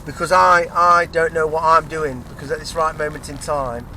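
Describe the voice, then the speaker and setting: A man's voice: fairly high pitch, little pitch movement, moderate pace, pushed and bright, slight background noise. A man with an English accent telling an angry personal story in a rambling monologue, often repeating himself. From England. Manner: agitated, repetitive, restarts often. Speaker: vlogger.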